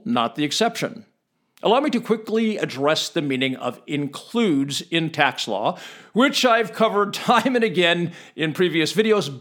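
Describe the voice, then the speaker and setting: A man talks through a prepared explanation in a measured, emphatic way. His pitch sits a touch high and swings widely as he stresses his points, often stretching out key words for weight. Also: fairly bright tone. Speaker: commentator on tax law. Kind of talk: scripted explanatory monologue.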